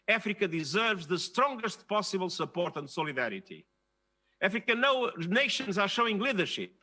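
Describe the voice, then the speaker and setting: Man, formal speech, high voice, bright and forceful, emphatic and measured. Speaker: UN leader giving a speech. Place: virtual conference.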